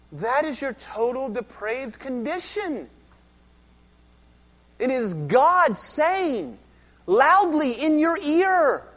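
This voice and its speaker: A man preaching a sermon as a pastor, swinging between loud emphasis and hushed lines. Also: very high voice, long reverb tail.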